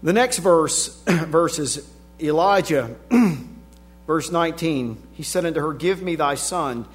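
Preacher, man, high voice, dynamic delivery from quiet to shouting, reads old-style scripture. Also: animated, takes it slowly. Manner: swings from hushed to shouting emphasis; reads scripture in King James wording. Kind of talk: sermon.

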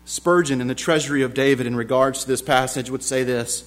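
A man preaching a sermon, slowing down for emphasis and moving between hushed passages and loud, emphatic climaxes. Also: mid-range voice, fairly even intonation. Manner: slows down for emphasis, with restarts.

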